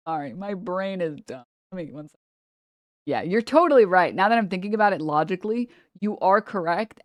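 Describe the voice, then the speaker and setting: A woman livestreamer chatting casually with her viewers and reading chat, rambling and animated, laughing often and swearing freely. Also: fairly low pitch, no room sound, clean studio sound.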